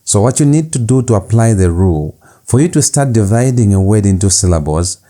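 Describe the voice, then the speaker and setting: A man teaching a recorded Greek lecture, repeating key points slowly and deliberately. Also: fairly low pitch, animated, dark tone.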